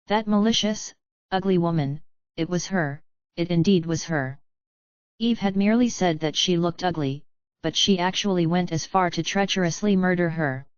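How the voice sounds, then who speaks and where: A man's voice: high-pitched, normal speed, clean tone, no echo, close to an everyday voice. A woman reading Avery, a vengeful paranoid lord. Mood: furious. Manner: cursing, enraged. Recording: dull, lo-fi, dry.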